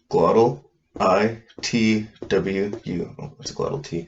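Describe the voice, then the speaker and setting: A man's voice: deep voice, fairly even intonation, normal speed, slightly rough. A man teaching a language class, patiently spelling out and repeating each word three times for learners to follow. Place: classroom with a board. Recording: dull lo-fi sound.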